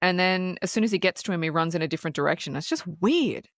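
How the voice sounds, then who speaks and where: A woman co-hosting a podcast, excitedly retelling a film in casual chat, swearing and saying "like" a lot. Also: fairly low pitch, quick pace, dry recording, clean studio sound. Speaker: podcast co-host. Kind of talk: casual movie recap.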